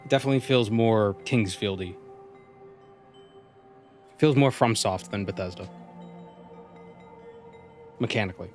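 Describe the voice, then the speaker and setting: A man's voice: lowish voice, measured pace, pauses often. A man streaming a game, chatting casually with rambling, self-correcting asides, faint music behind. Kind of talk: casual gameplay commentary.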